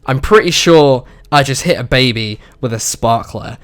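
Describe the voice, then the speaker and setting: A man's voice: mid-range voice, moderate pace, fairly bright tone. A young man telling an embarrassing story casually on his vlog, swearing freely and laughing along. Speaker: vlogger.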